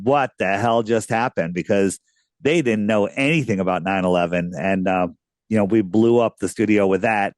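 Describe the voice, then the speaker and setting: A man's voice: on the low side, dry recording. A man who is a radio guest, telling stories in a casual, rambling way with many restarts. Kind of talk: casual interview storytelling.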